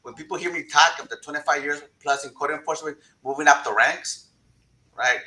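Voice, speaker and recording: Bright-voiced man with a heavy Mexican-American accent. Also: on the high side, fairly quick, low-quality recording. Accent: Mexican-American Spanish-influenced. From Eastern Coachella Valley, California. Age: middle-aged. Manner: earnest, keeps adding "right?". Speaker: assistant director of planning and building. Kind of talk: panel discussion.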